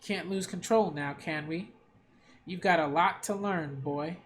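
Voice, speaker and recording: A male actor voicing a sly, mocking middle-aged mercenary leader in an anime dub, with a calm, drawling, taunting delivery. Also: fairly high pitch, measured pace, a little hiss or hum, close to an everyday voice.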